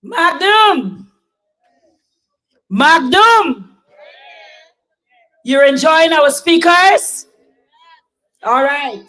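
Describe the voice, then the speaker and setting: A woman hosts an outdoor political meeting and speaks straight to the crowd. She talks slowly in a high voice as she introduces the next speaker. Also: lively intonation, bright, forceful tone, rough recording. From Guyana. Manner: chatty, addresses the crowd directly. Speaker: rally emcee. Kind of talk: emceeing a public meeting.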